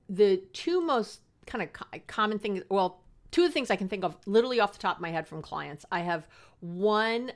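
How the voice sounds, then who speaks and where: A middle-aged woman counselor hosting an advice podcast, talking in a chatty, earnest and passionate way and laughing at herself. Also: medium pitch. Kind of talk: casual advice podcast monologue.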